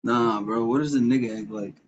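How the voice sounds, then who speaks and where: A man's voice: mid-range voice, steady tone, brisk, muffled recording. A man live-streaming, taunting someone with crude trash talk and insults. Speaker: livestreamer.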